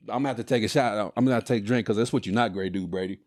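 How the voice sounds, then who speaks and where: A man hosting a casual sports podcast, ranting in an animated, exasperated, slangy way. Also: fairly low pitch, racing. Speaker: podcast host. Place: home, recording a podcast on camera.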